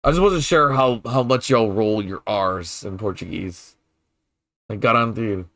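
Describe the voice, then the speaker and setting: Halting, curious male streamer, dry sound. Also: on the low side, animated, creaky, a bit bright, no room sound. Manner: hesitant, repeats words while puzzling over pronunciation; curious and playful. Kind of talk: casual chat with viewers while gaming.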